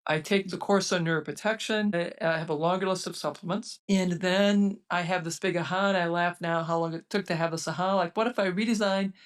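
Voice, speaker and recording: A woman's voice: fairly low pitch, fairly even intonation, a little fast, hardly any pauses, recorded from a distance. A woman in her sixties, a physician guest, earnestly telling her recovery story in present tense. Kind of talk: personal story in conversation.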